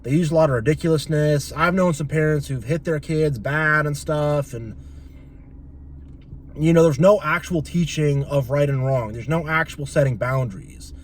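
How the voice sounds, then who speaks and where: A young man with a high-pitched voice talks in a loose, rambling monologue. He argues his opinions forcefully and often drops into mocking impressions of other people. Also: moderate pace, a little hiss or hum. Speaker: channel host. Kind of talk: casual monologue.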